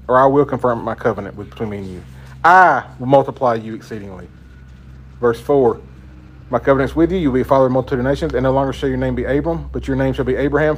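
Een man met een Zuidelijk Amerikaans die een informele Bijbelstudie leidt, praat en legt met nadruk uit en stelt zijn groep vragen. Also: mid-range voice. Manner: conversational, emphatic, asks the group questions. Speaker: Bible teacher. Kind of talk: informal Bible study teaching.

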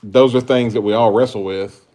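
A man's voice: on the low side, fairly even intonation, moderate pace, dark tone. A man preaching a sermon, emphatic and full of rhetorical questions, rising and dropping in volume as he stresses points. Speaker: pastor.

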